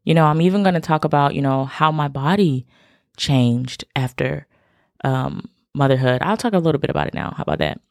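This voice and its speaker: A woman's voice: sits low, a little fast, gravelly, darkish tone, no echo, clean studio sound. A young woman hosting a podcast, chatting casually and encouraging her listeners directly. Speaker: podcast host.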